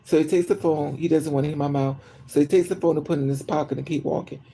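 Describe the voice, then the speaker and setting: A woman chatting on a livestream, telling a story in an animated way with sudden outbursts. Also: low-pitched, quick pace, few pauses. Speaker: livestream host. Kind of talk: casual storytelling.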